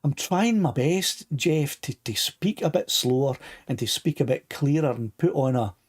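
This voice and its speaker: A man's voice: medium pitch, expressive, normal speed. An older Scottish man with a Scottish accent and a slightly sore throat, rambling chattily as he hosts a live stream and reads out viewer comments. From Scotland. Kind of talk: casual live stream chat.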